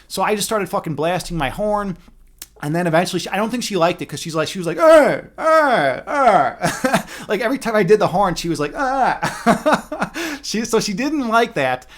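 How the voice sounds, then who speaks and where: Man, high voice, casual livestream chat, swears a lot, restarts sentences. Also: a bit bright. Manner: rambling, profane, laughs often, many restarts. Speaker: streamer.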